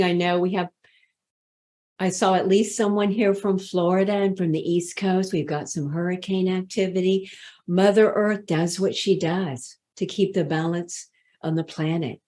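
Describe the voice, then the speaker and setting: Woman, speaking coach, slow pace, calm guiding manner, workshop talk. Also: fairly low pitch. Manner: calm, deliberate, guiding listeners through breathing. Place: online session, speaking to camera.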